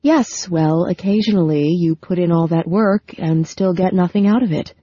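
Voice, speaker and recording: Woman doing calm grown daughter, dry, holding it together, low-ish voice. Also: normal speed, husky, no echo, lo-fi sound. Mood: restrained. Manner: dry, controlled, quietly firm.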